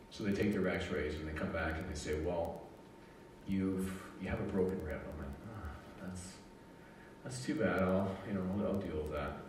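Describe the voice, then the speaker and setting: A man telling a personal story to an audience in a lively, joking way, acting out what he and others said. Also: lowish voice, a little hiss or hum. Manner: animated, jokey, quotes himself and others. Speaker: speaker sharing a personal story. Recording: echoey room, mic at a distance.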